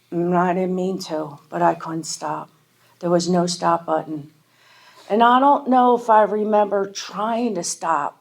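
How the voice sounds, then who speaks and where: A woman's voice: on the low side, vocal fry. A middle-aged woman speaking candidly and self-deprecatingly about her own recovery at a meeting, with a Philadelphia-area American accent and lots of casual fillers. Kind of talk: personal recovery talk.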